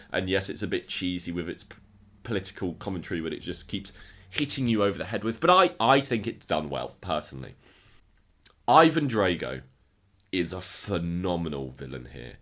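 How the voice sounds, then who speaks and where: A man's voice: deep voice, fairly bright tone. A man casually ranking films in a review video, enthusiastic and often repeating words as he restarts his sentences. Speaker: film reviewer.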